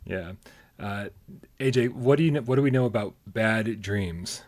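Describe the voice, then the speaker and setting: A man's voice: lowish voice, normal speed, a little mellow. A man hosting a casual gaming podcast, joking around and playful in his banter. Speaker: podcast host.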